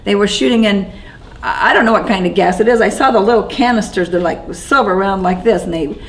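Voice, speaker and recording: Interviewee, woman, mid-pitched with gravelly fry; halting, shaken eyewitness telling, lots of restarts. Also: rough recording. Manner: halting and shaken, with frequent restarts and repeated words. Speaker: interviewee recounting events as an eyewitness. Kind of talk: first-person eyewitness account.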